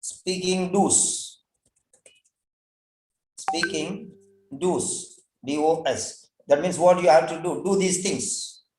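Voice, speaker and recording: Man teaching slowly with emphatic repetition. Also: fairly high pitch, a little mellow, roomy sound, poor audio. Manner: emphatic, repeats key words slowly. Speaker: English exam teacher. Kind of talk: online class lecture.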